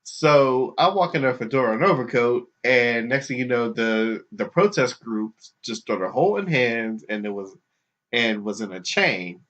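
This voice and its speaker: A man hosting a podcast, telling a story casually and putting on high mocking voices for the people he quotes, laughing often. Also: lively intonation, measured pace, a bit bright. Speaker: podcast host. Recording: dull lo-fi podcast recording.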